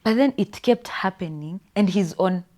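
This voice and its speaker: A young woman with a Kenyan accent, a podcast guest telling a personal story in a studio, often sinking into a breathy whisper. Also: mid-range voice, normal speed, a little mellow. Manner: often drops to a breathy whisper, switches between English and Swahili slang.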